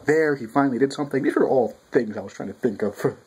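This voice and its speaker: A man's voice: medium pitch, quick pace, breathy edge, rough recording. A young man reviewing a manga chapter in a casual, rambling, profane way, at home with his cat nearby. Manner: profane, rambling, animated quoting.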